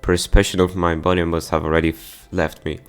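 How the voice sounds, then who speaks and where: Deep-voiced guy reading a visual novel out loud, trips over words sometimes. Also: level tone, fairly quick, smooth, faint music behind. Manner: plain reading with stumbles and sudden outbursts. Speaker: gameplay channel host.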